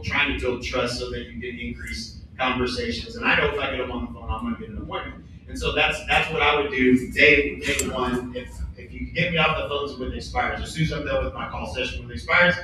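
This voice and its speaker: A man with an Oklahoma accent speaking on a conference panel in a conversational, energetic way. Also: mid-range voice, fairly quick, noisy background. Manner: energetic, conversational, leans on "right?" and "like". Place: large event hall on a stage. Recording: echoey hall from far off.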